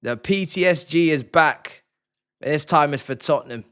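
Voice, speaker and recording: A young man hosting a live football watchalong stream, slangy and repetitive, swinging from hushed murmurs to excited shouting. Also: a little high, measured pace, long pauses, clear, resonant tone. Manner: slangy, repeats phrases for effect. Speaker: livestream host of a match watchalong.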